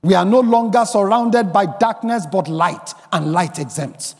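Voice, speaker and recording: Man, high-pitched pastor preaching in a church hall with long reverb; emphatic, breaks into song and shouts. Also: measured pace. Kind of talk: sermon.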